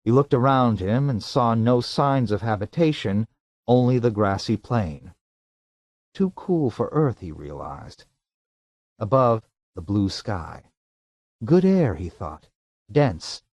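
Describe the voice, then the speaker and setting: A man reading an audiobook as the narrator, with an even, measured delivery into a close mic. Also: fairly low pitch, no echo. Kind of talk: scripted narration.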